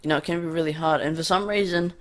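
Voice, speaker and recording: A young-sounding Australian man talks over his gameplay footage in a loose, meandering way, stopping often for ums and restarting his thoughts. His voice sits a little higher than most men's, and a faint hiss runs under his cheap desk mic. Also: fairly even intonation, quick pace. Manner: rambling, hesitant, full of ums. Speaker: gaming YouTuber. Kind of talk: gameplay commentary. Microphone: cheap USB condenser desk mic.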